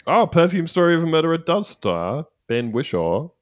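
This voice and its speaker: Aussie guy reading out dumb news stories, mocking tone, pitch swinging wildly, dry close mic. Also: big pitch swings, normal speed, no echo. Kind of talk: comedic banter, reading articles aloud.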